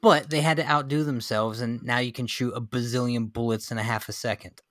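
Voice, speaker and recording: A man's voice: mid-range voice, steady tone, fairly quick, a bit bright, no room sound, studio quality. A man co-hosting a casual movie review podcast, building his arguments with examples. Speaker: podcast co-host.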